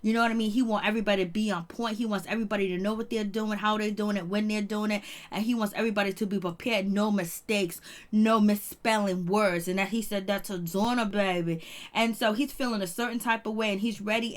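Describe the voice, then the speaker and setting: A woman giving a casual, chatty recap of a reality show episode, laughing often and acting out the cast's lines. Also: medium pitch. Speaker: show reviewer.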